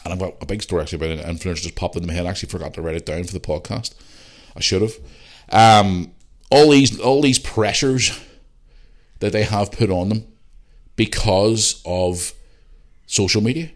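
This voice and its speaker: Very low-voiced man ranting as host. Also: moderate pace, long pauses. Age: 40s. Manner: ranting, swears freely, emphatic repetition. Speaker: podcast host. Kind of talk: opinionated casual monologue.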